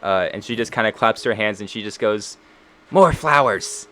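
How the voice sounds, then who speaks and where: A man narrating a tabletop role-playing game as game master, relaxed with frequent fillers. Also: fairly low pitch, fairly quick.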